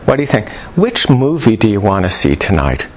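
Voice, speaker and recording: A man giving a live lecture to practitioners, animated and jokey, firing rhetorical questions at the room. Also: lowish voice, fairly quick, slight background noise, rough recording. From New York. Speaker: lecturer on Chinese medicine.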